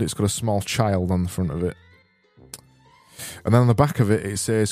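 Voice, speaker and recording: Male podcast host, lowish voice, rambling self-interrupting comic delivery. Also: normal speed, long pauses, darkish tone, soft background music. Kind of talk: comic podcast banter and spoof advert.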